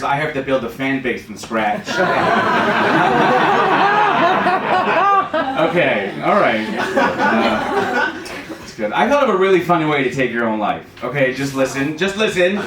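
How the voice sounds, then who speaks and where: A young man doing a stand-up set, self-deprecating with dark jokes and loud shouted punchlines. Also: a little high, far from the mic. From New York City. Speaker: stand-up comedian. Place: comedy club stage, live crowd. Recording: roomy live club audio with crowd laughter.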